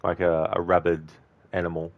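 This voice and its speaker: A man's voice: low voice, monotone, moderate pace, no echo, phone-quality sound. A man giving casual, rambling commentary over gameplay, full of fillers. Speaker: game streamer.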